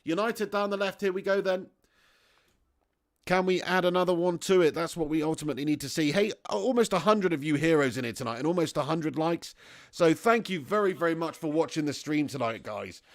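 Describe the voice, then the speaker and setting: A man's voice: on the high side, fairly quick. A man hosting a live football watch-along stream, chatting casually, reading out viewer comments and laughing often.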